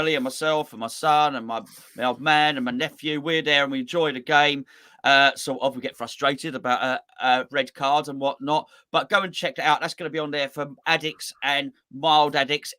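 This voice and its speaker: A man's voice: a little high, sharp tone. A man co-hosting a casual football chat, emphatic and ranting, with many restarts and repeated words. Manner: emphatic, repeats words, rants about cheating. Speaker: co-host.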